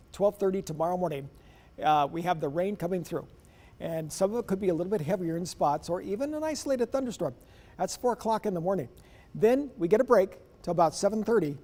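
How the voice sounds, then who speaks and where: Male TV weatherman, high voice, upbeat map walkthrough, reverberant sound. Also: darkish tone. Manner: upbeat, walking through a forecast map. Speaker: weather forecaster. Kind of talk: TV weather forecast.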